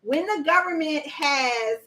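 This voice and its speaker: Woman, livestream host, high voice, casual slangy chat, reads comments aloud, laughs often. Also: animated, slow pace, pushed and bright, rough recording. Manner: chatty, quizzes viewers and reads their chat aloud; laughs often, slangy, addresses audience as y'all. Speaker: livestream host coaching on government contracts.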